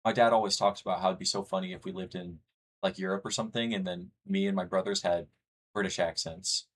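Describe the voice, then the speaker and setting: This young American man streams and chats casually with his viewers, rambling and reading their messages aloud. His voice sits low with a steady tone, he talks fast, and there's slight background noise.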